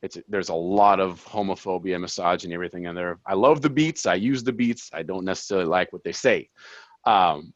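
A man's voice: sits low, fairly quick, dry recording, lo-fi sound. A man co-hosting a soccer podcast, talking in casual chat and making his points with emphasis. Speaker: podcast co-host.

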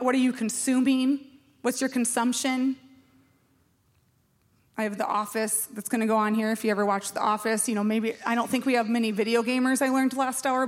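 A woman pastor giving a sermon in a chatty, self-mocking way, asking the room questions. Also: a little high.

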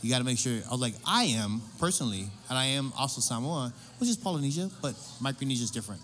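A man's voice: medium pitch, fast talker. A man from Guam hosting a podcast, telling a story in casual chat and acting out the voices of the people in it. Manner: animated storyteller, acts out quoted voices. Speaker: podcast host.

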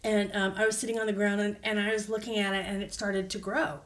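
A woman's voice: mid-range voice, quick pace, recorded from a distance. A woman guest telling a story casually and animatedly, acting out the quotes. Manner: animated, acts out quotes loudly. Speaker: podcast guest. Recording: roomy echo.

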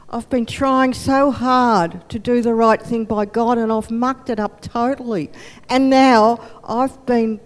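A woman's voice: fairly high pitch, natural voice. Woman acting out an overjoyed Paul. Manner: excited, urgent, pleading. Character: apostle Paul, grown man, overjoyed and earnest. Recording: long hall reverb.

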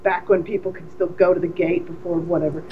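Telling lively stories and restarting often, a woman co-hosts a laid-back podcast in a lowish voice that moves fairly quickly. Her audio is dull and lo-fi, carrying a faint hiss or hum.

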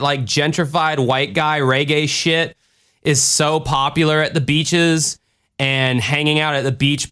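A man hosting a podcast, answering listener questions in a profane, rambling way with animated rants. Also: medium pitch, clean tone. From Florida. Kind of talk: casual podcast rant.

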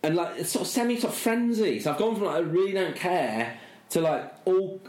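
A man's voice: high-pitched, expressive, brisk, a little mellow, echoey room. Rambling middle-aged man. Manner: rambling, self-mocking storytelling with many fillers. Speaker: podcast co-host. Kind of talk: casual chat.

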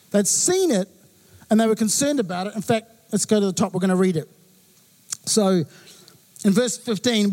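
A man in his thirties from New Zealand, a pastor preaching a sermon with lively storytelling and acted-out quotes. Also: extremely high pitch.

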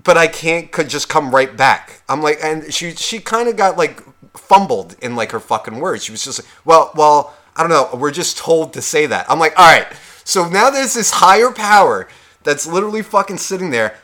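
A man's voice: fairly high pitch, animated, moderate pace, pushed and bright. A man on a podcast, telling a profane shopping story and acting out both sides of the conversation. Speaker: podcast co-host. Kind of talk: casual storytelling rant.

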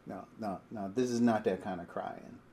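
A man's voice: on the low side, steady tone, moderate pace, warm tone, a little hiss or hum. A middle-aged man preaching a sermon in a conversational way, reading scripture aloud and breaking off to explain it. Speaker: pastor.

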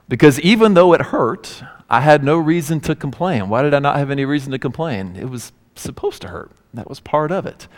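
Man, pastor, sermon, storytelling, does the voices, mid pitch, long hall reverb. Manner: storytelling, acting out quoted voices. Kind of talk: sermon with personal stories.

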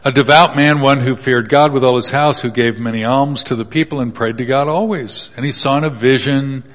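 Joking preacher in a reverberant hall. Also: male voice, mid-range voice, fairly even intonation, brisk, fairly bright tone. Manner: joking, conversational Bible teaching with acted quotes. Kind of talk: sermon.

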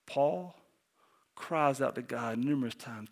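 Speaking a little slowly in a mid-range voice, a man preaches a sermon as pastor. He's animated, asks the congregation question after question, and sometimes goes down to a soft near-whisper.

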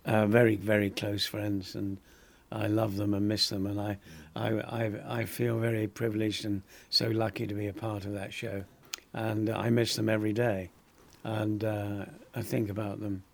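An older actor telling lively anecdotes in an interview, acting out other people's lines and laughing often. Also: male voice, fairly low pitch, moderate pace, vocal fry. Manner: animated storyteller, acts out quoted voices, laughs often. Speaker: actor guest.

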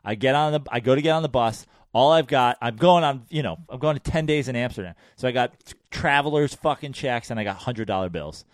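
A man's voice: mid-range voice, brisk, hardly any pauses, dry recording, clean studio sound. A man hosting a casual chat, laid-back and profane, answering with short agreements and telling his own story.

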